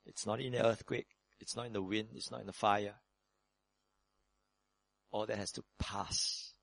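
A man preaching a sermon as pastor, acting out prayers in quick shifts of voice. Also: creaky. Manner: lively preaching, acts out prayers in sudden higher voices.

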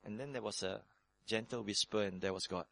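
A man preaching a sermon on a Bible passage, animated and dramatic, moving between loud emphasis and hushed tones, with casual asides to his listeners. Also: on the low side, a little fast, gravelly. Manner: conversational asides with frequent "you know" and "right".

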